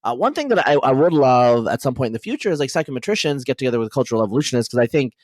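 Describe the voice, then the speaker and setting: Fast-talking male podcast host. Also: medium pitch, dry recording. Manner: rapid, animated, many fillers and restarts. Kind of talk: casual conversational interview.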